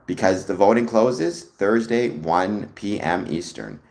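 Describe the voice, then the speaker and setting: A man's voice: lowish voice, expressive, unhurried, vocal fry, darkish tone. A man from Canada, hosting a casual livestream, musing aloud and greeting viewers in chat with frequent ums. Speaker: livestream host.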